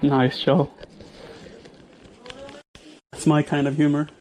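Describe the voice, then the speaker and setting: Chatty higher-voiced male streamer. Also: flat delivery, slow, a little mellow, slight background noise. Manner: chatty, rambling, reads chat aloud, frequent restarts and laughs. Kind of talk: casual live-stream chat while doing chores.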